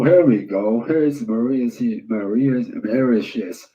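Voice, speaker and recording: A man hosting a casual livestream, greeting viewers in loud, upbeat bursts and rambling hesitantly with lots of filler words. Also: lowish voice, a little slow, hardly any pauses, highs cut off.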